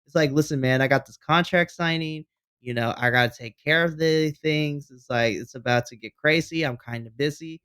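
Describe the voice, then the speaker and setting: A man's voice: a little high, a little fast, a bit bright, clean tone. A man co-hosting a wrestling review podcast, playful and camp, acting out quotes in casual chat. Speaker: podcast co-host.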